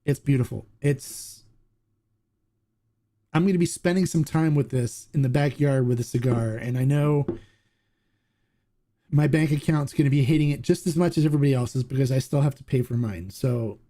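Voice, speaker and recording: A man hosting a casual tequila review livestream, excitable and chatty, laughing often and restarting his sentences. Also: mid-range voice, normal speed, pauses often, a little hiss or hum.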